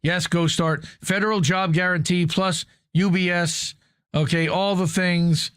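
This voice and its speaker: A man's voice: high-pitched, fairly even intonation, unhurried, fairly bright tone, clean tone, dry recording. Profane male commentary host, dry sound. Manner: profane, conversational, reads aloud then comments. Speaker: news show host. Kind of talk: casual commentary reading and reacting to an article.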